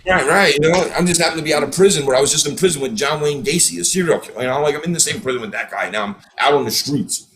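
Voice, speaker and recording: A man's voice: a little high, rapid-fire, hardly any pauses, slight background noise. A man, a podcast guest telling stories in casual chat and acting out the people he quotes. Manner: animated storyteller, acts out quotes.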